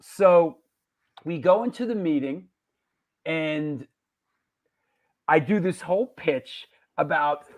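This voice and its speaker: A man chatting casually and excitedly about old shoots, with swearing and street slang. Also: a little high, slow, long pauses. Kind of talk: casual chat on a livestream.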